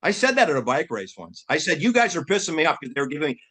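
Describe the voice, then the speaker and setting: Animated man firing off mocking questions. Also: quick pace. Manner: animated, mocking rhetorical questions, pitch jumping up for emphasis. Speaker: channel host. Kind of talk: rambling casual commentary.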